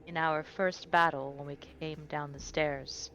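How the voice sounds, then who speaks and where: A woman voicing a calm, perceptive seer in a tabletop game, speaking in a slow, measured way. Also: low-pitched, dull audio, slight background noise. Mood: solemn.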